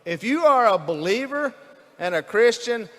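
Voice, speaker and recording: A man's voice: very high voice, expressive, normal speed, fairly bright tone, long reverb tail. A man from North Louisiana with a Southern accent, giving a folksy, rambling speech to a rally crowd. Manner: folksy and rambling, with fillers and restarts. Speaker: rally speaker. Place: large indoor rally venue.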